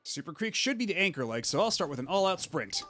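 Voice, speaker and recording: A man's voice: on the high side, very animated, quick pace, over music. A man voicing a sassy, cocky teen horse-girl rival from a game, brash and teasing. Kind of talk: reading game dialogue aloud.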